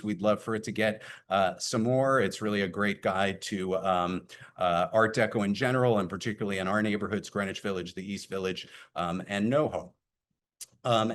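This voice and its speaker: Halting man presenting a webinar. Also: fairly low pitch. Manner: many filler words, halting. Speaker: program presenter for a preservation group. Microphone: computer mic on a video call.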